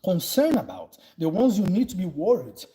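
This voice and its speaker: A Brazilian man in his forties speaks English as a second language with a Brazilian Portuguese accent, his voice high-pitched, sing-song and dark-toned at a normal speed. He chats loosely about self-defense, laughing often, in a casual live Q&A and instruction session. The recording is low quality.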